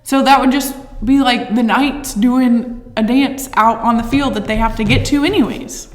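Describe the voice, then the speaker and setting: A young woman with a somewhat high voice argues her case in a light, playful way. Her voice rings with a long reverb. She sounds like a guest holding her ground in a friendly debate. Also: moderate pace. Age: 20s. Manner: playful, defends her view. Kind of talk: casual movie chat. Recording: echoey room with long reverb.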